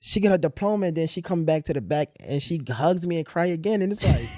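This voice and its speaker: New guy hosting a podcast, kinda high voice, dry close sound, tells stories all loose. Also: fast talker, hardly any pauses, dry recording. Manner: storytelling, animated retelling. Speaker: podcast host. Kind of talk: casual podcast chat.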